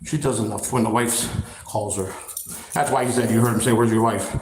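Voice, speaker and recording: Walking outdoors while hosting a live stream, a man speaks bluntly and heatedly, repeating his points over street traffic noise. His voice is fairly low and darkish, steady in tone and fairly quick.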